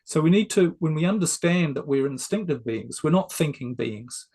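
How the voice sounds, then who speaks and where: A man who is a success coach, a guest on an interview show, explaining ideas in a gently persuasive, conversational way. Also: a little high, lively intonation, normal speed, slightly rough.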